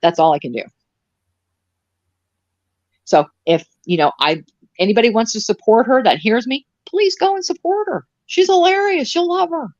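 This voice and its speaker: A woman's voice: on the high side, expressive, normal speed, long pauses, darkish tone, dry recording. Rambling sarcastic woman, dull dry audio. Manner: rambling, sarcastic, many restarts. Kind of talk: casual live-stream chat.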